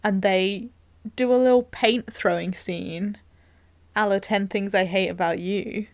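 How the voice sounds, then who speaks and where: A woman in casual conversation tells a movie's plot scene by scene as a chatty storyteller, often saying "like". The voice has a middle pitch. Her voice sounds close and dry, with no room echo. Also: steady tone, measured pace. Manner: chatty storyteller, walks through scenes with lots of "like". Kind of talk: casual chat recapping a film.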